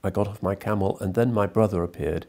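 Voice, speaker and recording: A man's voice: lowish voice, fairly even intonation, fast talker, a little mellow. A man reading aloud as a grieving older Libyan tribal chief, with restrained anguish. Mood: grave.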